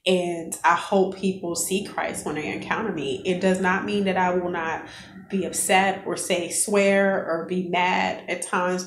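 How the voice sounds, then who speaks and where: A woman's voice: fairly low pitch, a little hiss or hum. A middle-aged woman vlogging, sharing an earnest faith testimony and talking straight to her viewers. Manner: earnest, preachy, addresses viewers as guys. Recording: echoey room.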